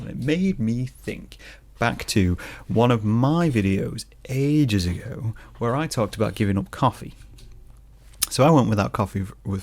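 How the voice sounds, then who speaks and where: A man in his thirties talking in a casual, rambling vlog monologue, self-deprecating and jokey, sometimes dropping to a soft near-whisper. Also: lowish voice. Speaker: vlogger.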